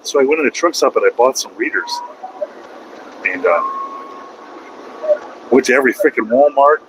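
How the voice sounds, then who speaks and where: A man's voice: medium pitch, animated, moderate pace, noisy background. A man who drives a truck, chatting casually and rambling from the road, with slangy talk that repeats itself and trails off. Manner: loose and conversational, slangy, repeats himself and trails off. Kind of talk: casual rambling vlog chat.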